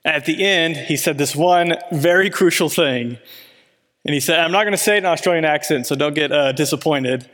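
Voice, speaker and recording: A man giving a sermon in a church, telling a story in a relaxed way with many "you know" fillers. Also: on the high side, a little fast. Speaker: preacher. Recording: long reverb in a large hall.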